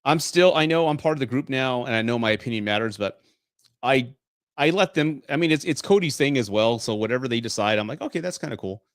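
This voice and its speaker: A man's voice: medium pitch, expressive, brisk, dry recording, clean studio sound. A man in his late forties from Texas, hosting a casual live stream Q&A, swearing freely and laughing often. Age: 40s. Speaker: host.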